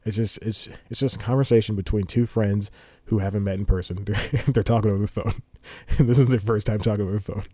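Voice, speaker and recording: Guy rambling on his podcast mic, lowish mellow voice, chuckles a lot. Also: fairly even intonation, fairly quick, dry recording. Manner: rambling, laughs between phrases. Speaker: podcast host. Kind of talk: casual monologue. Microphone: studio microphone with headphones.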